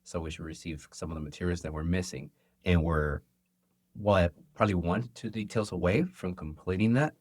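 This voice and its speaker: A man with a fairly low voice chats in an interview as a restaurant owner and cook. He tells stories with energy and acts out bits of dialogue. The sound is dry and close. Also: normal speed, breathy edge, dry recording. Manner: animated storyteller acting out dialogue. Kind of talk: casual interview chat.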